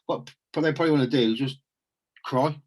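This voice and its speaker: A man's voice: medium pitch, a little fast. Earnest man, rambling talk. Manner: earnest, rambling, many restarts. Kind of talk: casual reflective chat.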